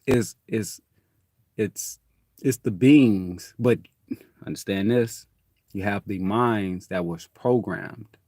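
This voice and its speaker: A man rambles through a casual spiritual monologue and swears freely. His voice sits a little low. The sound is dry and close, with no room around it. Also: moderate pace, darkish tone, dry recording. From Detroit, USA. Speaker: host.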